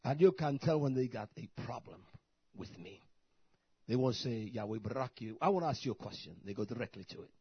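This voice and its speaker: Male preacher, husky and dry, blunt and scolding, dull lo-fi sound. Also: medium pitch, lively intonation, a little fast, dry recording. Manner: preaching with frequent hallelujahs and Hebrew terms. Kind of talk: sermon.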